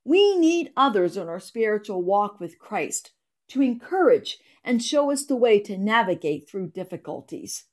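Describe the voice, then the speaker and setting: A woman reading her own devotional blog post aloud in an earnest, expressive storytelling manner. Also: mid-range voice, moderate pace. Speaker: ministry blog writer.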